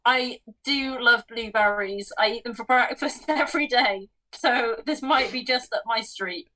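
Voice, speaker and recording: A woman's voice: on the high side, unhurried, bright, forceful tone, rough recording. A woman co-hosting a film podcast, chatting cheerfully with frequent giggles. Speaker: podcast co-host. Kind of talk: casual film chat.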